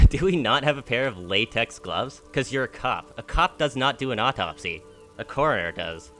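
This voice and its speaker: A man's voice: medium pitch, animated, moderate pace, fairly bright tone, soft background music. A man streaming a game live, reading its dialogue aloud and joking, laughing and swearing in between. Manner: swears freely, laughs often, jokes while reading dialogue.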